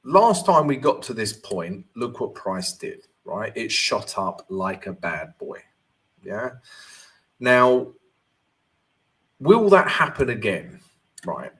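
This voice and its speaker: A man's voice: mid-range voice, big pitch swings, slow pace, a bit bright. A man hosting a live-stream Q&A as a forex trading coach, chatty and jokey, constantly checking in with "right?".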